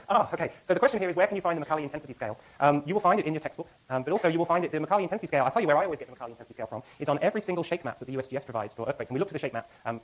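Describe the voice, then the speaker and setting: Fast-talking male lecturer, self-correcting. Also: mid-range voice, poor audio. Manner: rapid, self-correcting, many fillers. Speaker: university lecturer. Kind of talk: classroom lecture with announcements. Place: lecture hall.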